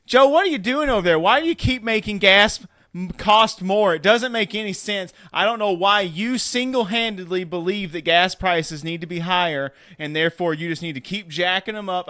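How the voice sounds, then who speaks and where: Man doing a Southern-drawl hothead in a comic rant, higher and louder than his own voice. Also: dry recording, studio quality. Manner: heated rant, repeated rhetorical questions. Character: loud ranting man, angry at the president. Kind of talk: comic political parody rant.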